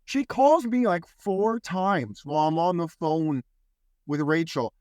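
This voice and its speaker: A young man hosting a podcast, telling a story in casual chat with loose swearing and quick impressions of other people. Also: a little high, no room sound, clean studio sound. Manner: animated, swears freely, mimics others in quotes. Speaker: podcast host.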